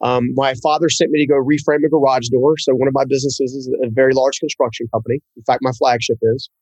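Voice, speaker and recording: A man who is a guest in an interview, telling a personal story in an earnest, halting way and often repeating words. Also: medium pitch, little pitch movement, a little mellow, breathy edge, no room sound, low-quality recording.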